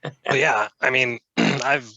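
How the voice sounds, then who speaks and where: A man's voice: medium pitch, slow pace, bright, forceful tone, no echo, dull audio. A man co-hosting a podcast who asks questions in a loose, chatty way with plenty of fillers. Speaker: podcast co-host. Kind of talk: casual interview chat.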